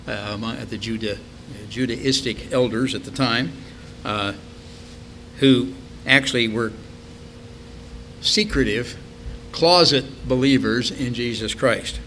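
An older man preaching a Bible study, reading scripture aloud and then explaining it in a measured, rambling way with frequent fillers. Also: mid-range voice, a bit bright, a little hiss or hum.

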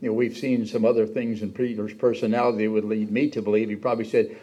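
A man's voice: lowish voice, flat delivery, fast talker, hardly any pauses, mellow. A man preaching a sermon in a conversational way, acting out the quoted lines with a raised voice. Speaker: pastor.

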